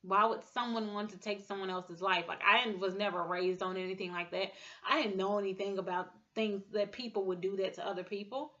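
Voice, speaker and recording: Halting woman in her thirties, bright voice. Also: mid-range voice, fairly even intonation, muffled recording. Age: 30s. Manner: halting, heavy with fillers and restarts. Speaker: speaker sharing a personal testimony. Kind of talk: emotional personal testimony.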